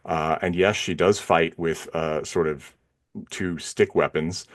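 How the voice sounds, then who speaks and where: A man with a very low voice co-hosts a film podcast. He talks loosely, circling back on himself with plenty of ums and restarts. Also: steady tone, takes it slowly. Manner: rambling, many fillers and restarts. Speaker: podcast co-host. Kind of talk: casual film review chat.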